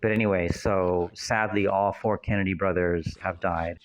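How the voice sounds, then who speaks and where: A man's voice: sits low, fairly even intonation, normal speed, noisy background. Chatty man giving film commentary. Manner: chatty, digressive, thinking aloud. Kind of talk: casual audio commentary.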